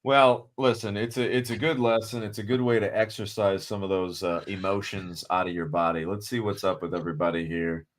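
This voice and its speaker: A man's voice: on the low side, steady tone, fairly quick, few pauses. A man hosting a podcast, talking bluntly and casually, calling listeners brother. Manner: blunt, conversational, calls people brother. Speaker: podcast host.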